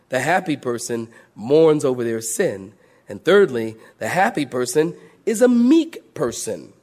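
Pastor guy preaching, kinda high voice, goes quiet then gets loud telling stories. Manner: animated storyteller, swings from low and soft to loud and high. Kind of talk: sermon.

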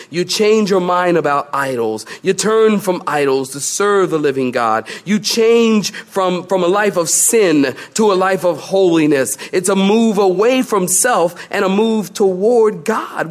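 A man preaching a sermon as pastor in a church, emphatic and animated, with humorous asides. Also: fairly high pitch.

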